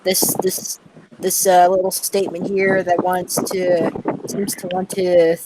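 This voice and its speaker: A young woman leads a casual group chat on her podcast. Her voice sits a little low, and she reads an article aloud haltingly, with plenty of ums and blunt, dismissive comments. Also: flat delivery, background noise. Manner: hesitant, filler-heavy, blunt dismissive remarks. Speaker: podcast host.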